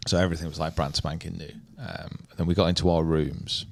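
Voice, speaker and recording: Deep-voiced rambling man. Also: little pitch movement, fast talker, gravelly. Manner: rambling, hesitant, laughs often. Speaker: podcast co-host. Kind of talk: casual chat.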